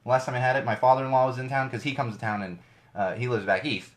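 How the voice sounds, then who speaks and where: A man's voice: medium pitch, fast talker. A middle-aged man hosting his own podcast from a home studio, giving ranty, digressive solo commentary with lots of emphasis. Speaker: podcast host.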